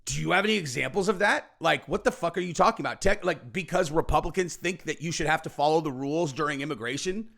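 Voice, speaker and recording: A man's voice: on the high side, fast talker, creaky, hardly any pauses, fairly bright tone. Fired-up man ranting profanely. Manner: angry, profane, ranting with frequent "okay?" and "right?". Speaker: political commentary host. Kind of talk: heated reaction commentary.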